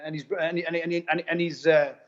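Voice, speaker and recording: A man tells his story in a quick, high voice, piling up retold dialogue with "I go" again and again. The recording sounds muffled and lo-fi. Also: little pitch movement. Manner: rapid, repetitive retelling with many "I go" quotes. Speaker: guest giving a testimonial. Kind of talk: animated personal storytelling. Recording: dull lo-fi recording.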